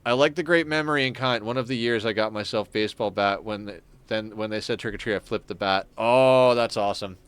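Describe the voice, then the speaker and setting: A man's voice: on the low side, a little fast, few pauses, fairly bright tone, smooth, dry recording. A man casually commenting on his game as he plays, chatting with viewers and thinking aloud. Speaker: streamer.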